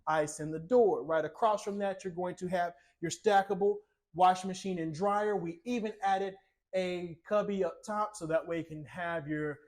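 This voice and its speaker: A man's voice: high voice, normal speed, a little mellow. A man hosting a walkthrough tour of a small home, talking in a playful, colloquial sales patter. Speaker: host giving a home tour. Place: indoors in a small tiny house.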